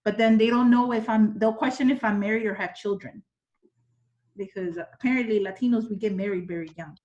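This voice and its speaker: A woman's voice: mid-range voice, brisk, a little mellow, muffled recording. Thoughtful Mexican-born woman sharing. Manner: thoughtful, quoting others' remarks. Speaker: workshop participant. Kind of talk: casual sharing.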